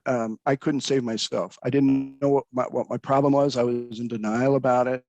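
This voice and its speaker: A man's voice: mid-range voice, steady tone, normal speed, hardly any pauses, darkish tone, rough recording. A man, a pastor in recovery, speaking earnestly about his own story, with frequent restarts. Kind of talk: candid personal storytelling.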